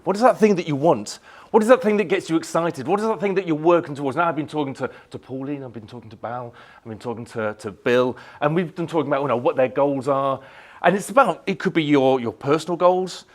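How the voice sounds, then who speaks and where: A man from Britain giving a motivational keynote talk to a live audience in an event venue. He tells his story with animation and acts out the shouts and his own inner thoughts. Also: fairly high pitch, animated, brisk. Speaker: motivational speaker.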